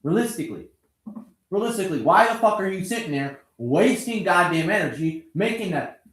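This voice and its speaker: High-pitched man ranting, profane. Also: very animated, fairly quick, a bit bright, roomy sound. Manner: angry, profane, sarcastic rant at an engine. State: out of breath. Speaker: vlogger working on a motorbike. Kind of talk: ranting to the camera while wrenching.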